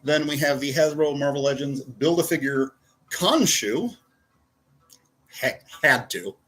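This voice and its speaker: This man has a medium-pitched, fairly bright voice with lively intonation, and he takes his time. He's reviewing toy figures in loose, casual chat, drifting off-topic and breaking off to talk to himself as he poses each one. The recording quality is low.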